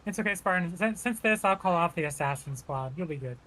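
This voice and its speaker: A woman's voice: lowish voice, animated, fast talker, fairly bright tone, low-quality recording. A woman, a mother, joining a game stream and making brief teasing remarks. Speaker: guest player on a stream. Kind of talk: casual chat.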